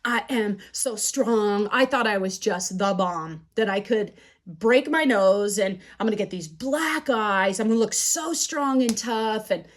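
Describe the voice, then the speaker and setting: Woman teacher, middle pitch, candid and animated storyteller, class talk. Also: measured pace. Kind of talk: storytelling lecture.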